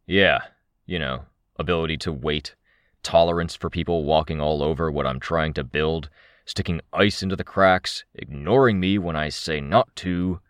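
A man voicing Tristan, a grumpy, impatient young builder, with gruff, sardonic talk. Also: a bass voice, normal speed, dry recording, studio quality.

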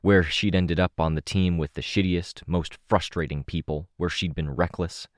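A man narrating an audiobook in the first person, in a steady, measured reading. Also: deep voice, no echo, studio quality.

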